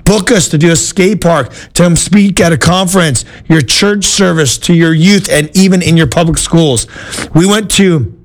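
A male talk show host telling a story in a casual, animated way, full of "dude" and "like" and quick restarts. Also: a little high. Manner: animated and excitable, lots of "dude" and "like", frequent restarts.

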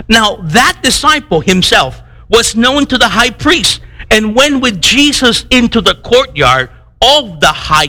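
A male pastor delivering a sermon in a high, bright voice that swings widely in pitch. He talks conversationally, piles up rhetorical questions, and repeats words as he restarts his phrases. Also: low-quality recording.

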